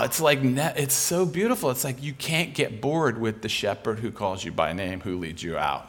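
A man preaching a sermon in a lively, conversational way, acting out the voices he quotes with big swings in pitch and loudness. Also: moderate pace, few pauses.

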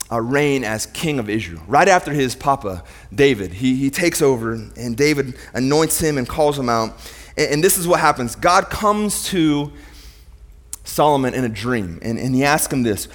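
A man's voice: medium pitch, fairly bright tone. A man preaching a sermon in a church, firing rhetorical questions at the congregation as his intensity rises and falls. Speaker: pastor. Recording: long hall reverb.

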